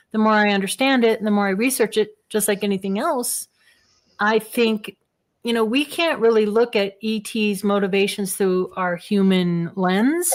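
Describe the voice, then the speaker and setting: A woman, a guest on an interview show, telling personal stories in casual talk, animated and laughing often. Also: mid-range voice.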